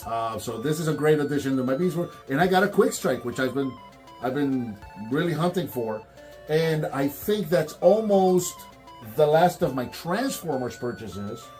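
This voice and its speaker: A man's voice: on the high side, normal speed, soft background music. A man hosting a toy review channel, chatting casually and acting out what people said. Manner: animated storyteller, acts out quotes. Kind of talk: casual chat.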